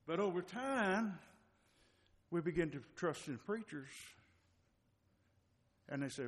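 A man preaching a fiery, repetitive sermon, building up to near-shouting for emphasis. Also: sits high, lively intonation, slow pace, pauses often, a little hiss or hum. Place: church hall. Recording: long reverb of a church hall.

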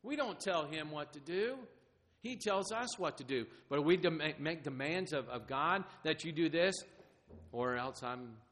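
A man preaching a sermon in an earnest, halting way, often repeating words and acting out the crowd's demands in quoted lines. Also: mid-range voice, fairly bright tone. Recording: long hall reverb.

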